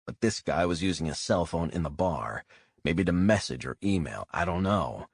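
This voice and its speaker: A blunt, hot-headed male operative, voiced by a male narrator, forceful and profane in a low, husky voice. The reading is dry and close. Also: expressive, moderate pace, dry recording, heavily acted.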